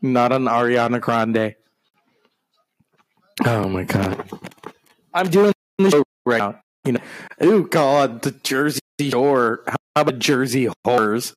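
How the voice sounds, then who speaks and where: A man's voice: mid-range voice, expressive, slow pace, long pauses. A man hosting a podcast, mocking a TV broadcast in a crude, sarcastic running commentary with exaggerated gasps. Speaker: podcast host.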